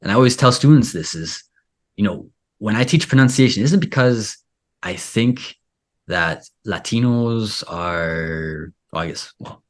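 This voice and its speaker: A man's voice: on the low side, lively intonation, a little slow. A man hosting a casual interview, talking in a rambling way full of filler "like". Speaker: podcast host and Spanish teacher.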